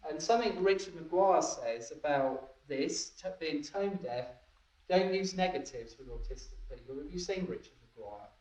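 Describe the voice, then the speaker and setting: A man's voice: a little high, animated, moderate pace, darkish tone. A man giving a training talk, often laughing and checking that his listeners follow. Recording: echoey room, distant dull mic.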